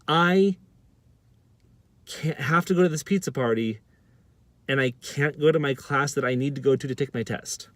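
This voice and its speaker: A man's voice: on the high side, animated, normal speed, long pauses, no echo. A man vlogger telling a personal story to camera, often stammering and repeating words.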